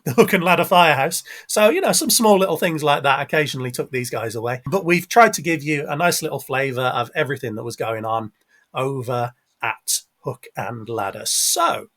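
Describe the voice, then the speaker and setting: A man's voice: mid-range voice, fairly quick, a bit bright. A middle-aged man from England hosting a podcast, talking in an upbeat, casual, self-mocking way. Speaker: podcast host.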